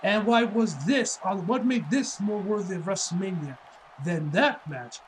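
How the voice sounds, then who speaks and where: High-voiced man ranting profanely. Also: unhurried, slight background noise, rough recording. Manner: loose, rambling delivery with many "like" fillers. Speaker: wrestling reviewer. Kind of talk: casual spoken review.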